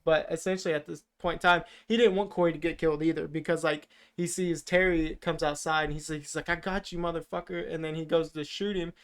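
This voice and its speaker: A man's voice: on the high side, steady tone, quick pace, few pauses. A man co-hosting a podcast, rambling through a casual film recap with lots of fillers and swearing. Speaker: podcast co-host.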